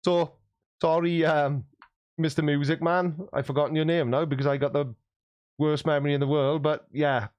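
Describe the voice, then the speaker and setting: A man's voice: on the high side, fairly even intonation, moderate pace, darkish tone, no echo, dull audio. A man hosting a livestream, chatting in a jokey, self-deprecating way as he reads out viewer comments. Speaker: YouTube host.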